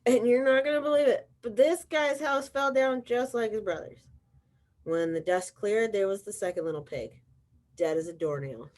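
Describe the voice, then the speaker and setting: A woman's voice: fairly high pitch, normal speed, a little mellow, pitched above the performer's own voice, natural voice. A woman reading aloud as a sneezy, self-pitying male wolf telling his side of the story, with wry storybook asides.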